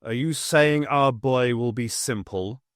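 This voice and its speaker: A man's voice: mid-range voice, slow pace, fairly bright tone, no echo, clean studio sound. A man voicing a bewildered father in an audiobook, urgent and pleading. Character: bewildered, demanding working father.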